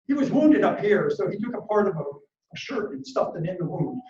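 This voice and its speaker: A man's voice: high voice, big pitch swings, moderate pace. Male motivational speaker, dramatic storyteller; dull lo-fi, roomy recording. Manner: dramatic, acts out quotes and shouts battle orders. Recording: echoey room, distant mic, dull lo-fi sound.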